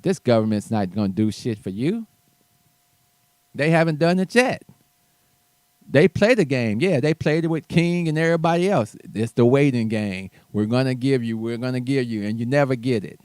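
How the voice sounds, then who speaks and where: A man's voice: medium pitch, animated, normal speed, a little mellow, dry recording. A man hosting his own show, ranting bluntly and profanely in a heated commentary monologue with mocking asides. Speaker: show host.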